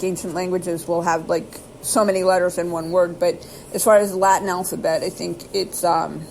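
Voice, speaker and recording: Woman reading out loud and rambling, kinda low voice, lots of ums and restarts. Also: a little hiss or hum, rough recording. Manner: rambling, hesitant, self-correcting; thinks aloud between read passages. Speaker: video host reading aloud. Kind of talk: casual read-aloud with asides.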